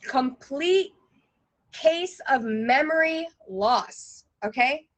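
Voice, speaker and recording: A high-voiced woman tells a personal story with lots of energy. She laughs often and acts out her own panic as she goes. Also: lively intonation, very slow, poor audio.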